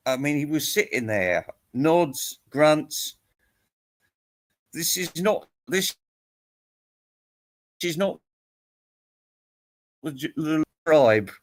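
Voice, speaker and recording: A man's voice: fairly high pitch, animated, extremely slow, long pauses. Teasing man ranting to camera. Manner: teasing, crude, laughs at own jokes. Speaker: YouTube commentator. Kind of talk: rambling mock-serious rant.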